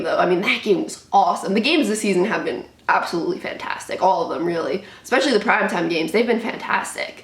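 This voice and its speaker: A woman's voice: medium pitch, fairly bright tone. Young woman host, chatty and opinionated, mid-range voice, echoey room. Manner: chatty, opinionated, many fillers. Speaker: sports show host. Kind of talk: casual sports commentary. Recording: roomy echo.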